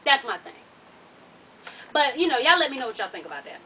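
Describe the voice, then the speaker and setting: A high-pitched woman with a bright, sharp tone gives a blunt, profane recap of a reality show, full of sassy asides. She talks to her viewers as "y'all" and "honey". Her voice sits a little back from the mic. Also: sing-song, a little fast, far from the mic, a little hiss or hum, rough recording. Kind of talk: casual chat.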